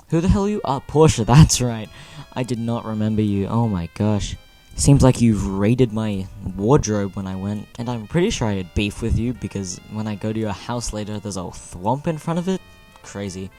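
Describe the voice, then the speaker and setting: A young man giving casual, animated commentary over his own gameplay, joking with exaggerated dismay. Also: lowish voice. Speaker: gaming video host.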